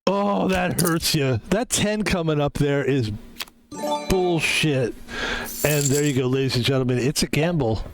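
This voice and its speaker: A man's voice: on the high side, animated, moderate pace, noisy background. A man streaming a card game and chatting casually, rambling and joking with plenty of swearing. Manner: rambling, jokey, swears freely. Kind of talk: casual gameplay commentary.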